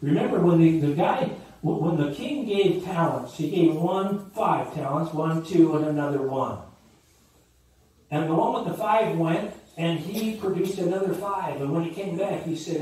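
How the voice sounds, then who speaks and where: With a warm tone and a moderate pace, this man's voice sits on the higher side. He's a pastor preaching, weaving in stories while his emphasis rises and falls. He's captured from far away in a reverberant room, with a little background ambience.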